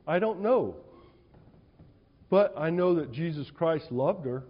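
A male preacher with a fairly high voice delivers a conversational, animated sermon, telling stories in casual plain speech. His voice rings with a long reverb in the church hall, and the sound is somewhat dull. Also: a little slow.

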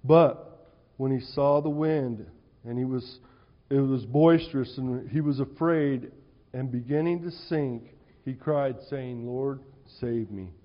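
A male preacher delivering a sermon in an animated, conversational storytelling way in a church hall. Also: medium pitch, slow pace. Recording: dull, reverberant hall sound.

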